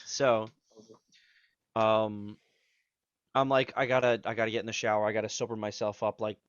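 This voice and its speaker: A man's voice: on the low side, little pitch movement, moderate pace, clear, resonant tone, no echo. A man in his twenties, a podcast co-host, telling a rambling, profane story in casual chat and acting out what people said. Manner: rambling, profane, acts out quotes. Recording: slightly dull, dry audio.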